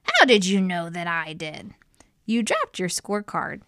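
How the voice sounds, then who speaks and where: Una mujer haciendo de gallo viejo, villano presumido. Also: female voice, lowish voice, wildly swooping pitch, measured pace, bright, forceful tone, no echo, studio quality, full character voice. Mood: sneering. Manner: huffy and sneering. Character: old scheming male rooster, pompous sneering villain.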